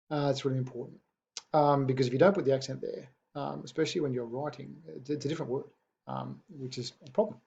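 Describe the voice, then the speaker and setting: Guy teacher going over grammar, kinda husky, patient, keeps asking yeah?, muffled lo-fi sound. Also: medium pitch, darkish tone. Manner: patient, checks in with rhetorical "yeah?". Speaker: Spanish teacher. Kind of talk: recorded lesson explanation.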